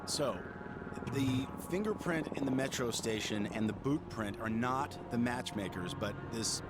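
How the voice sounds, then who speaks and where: An actor playing a hard-bitten male ex-agent detective who asks terse, gruff questions in a video game. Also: medium pitch, animated, unhurried, over loud music, close to an everyday voice. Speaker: game protagonist.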